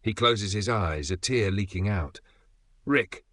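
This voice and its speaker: Lowish, bright, forceful male thriller narrator. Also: a little slow, dry recording. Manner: tense, dramatic storytelling. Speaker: narrator voicing the father. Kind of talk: scripted first-person thriller narration.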